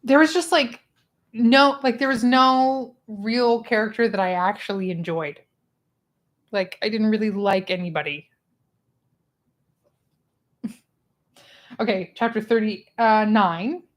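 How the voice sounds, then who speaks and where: Chatty lady running a book club stream, animated and laughing, little clip mic on. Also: mid-range voice, takes it slowly, long pauses. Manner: chatty and expressive, laughs often. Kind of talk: casual livestream book chat. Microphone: small clip-on microphone.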